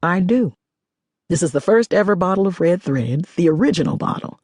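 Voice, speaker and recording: A woman voicing a blunt, determined male whiskey collector in an audiobook reading, lowering her voice for him. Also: animated, normal speed, darkish tone, breathy edge, dry recording, studio quality. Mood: angry. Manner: blunt, exasperated.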